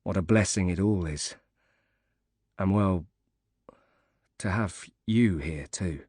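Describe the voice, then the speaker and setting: A male narrator voicing a grateful widowed father recovering from injury, speaking softly and haltingly. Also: low-pitched, breathy edge, dry recording, studio quality, heavily acted. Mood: moved, grateful. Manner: soft, halting, moved.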